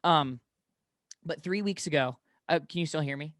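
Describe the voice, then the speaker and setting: A man's voice: a little high, moderate pace, a bit bright, dry recording, clean studio sound. A young man telling rambling personal stories in casual conversation, often correcting himself mid-sentence. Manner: rambling storyteller, many self-corrections.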